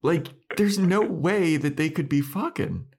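A man's voice: fairly high pitch, a little slow, gravelly, a little mellow, slightly rough. A man co-hosting a podcast, recapping a show in loose, profane chat and laughing often. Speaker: podcast co-host.

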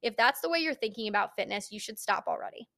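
A woman's voice: a little high, expressive, fast, creaky, sharp tone. A young woman hosting a fitness podcast, speaking straight to the listener in a casual, emphatic, motivational monologue and swearing freely.

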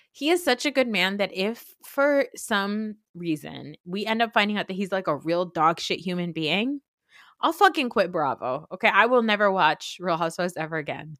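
A woman podcast host recapping reality TV in a casual, gossipy, animated way, swearing freely. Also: mid-range voice, no echo, studio quality.

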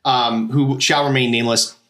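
A man's voice: medium pitch, fairly even intonation, normal speed, fairly bright tone. A man co-hosting a podcast, chatting casually and reading a sponsor ad, crude and joking. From New Jersey. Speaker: podcast co-host. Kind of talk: casual podcast chat with ad read.

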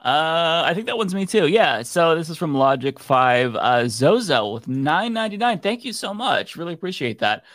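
A man's voice: fairly high pitch, lively intonation, moderate pace, few pauses, a bit bright, no echo, clean studio sound. A man co-hosting a casual panel chat, reading viewer messages and joking in mock offense. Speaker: podcast co-host reading super chats.

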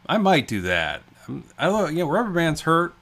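A man's voice: on the high side, wildly swooping pitch, moderate pace, a bit bright. A man co-hosting a casual movie podcast, asking questions and teasing his partner in easy banter. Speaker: podcast co-host. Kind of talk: casual chat.

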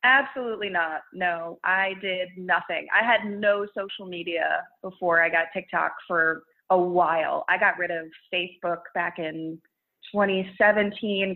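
The voice belongs to a young woman with a fairly low pitch and fairly even intonation, speaking at normal speed. As a content creator guest in a casual interview about video making, she laughs a lot and restarts her thoughts, and the sound is narrow and phone-like.

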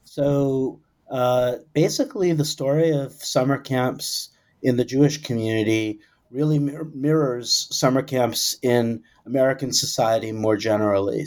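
A man answering an interview question, giving historical background in a measured, reflective way. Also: mid-range voice, darkish tone. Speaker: guest expert.

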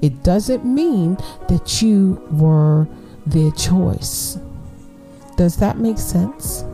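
A woman's voice: mid-range voice, lively intonation, slow pace, warm tone, soft background music. Slangy, laughing middle-aged woman podcaster. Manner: chatty, slangy, laughs often. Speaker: podcast host. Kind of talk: casual advice monologue.

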